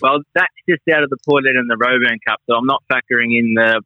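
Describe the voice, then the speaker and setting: Aussie guy about 50 calling in, laid back, flat delivery, kinda muffled dry line. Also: medium pitch, quick pace, no echo. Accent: Australian. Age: 40s. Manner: laid-back, self-deprecating. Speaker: podcast guest.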